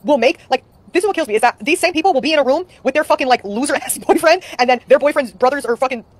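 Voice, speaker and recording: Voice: sits high, very fast. A streamer in casual chat, rambling and swearing a lot.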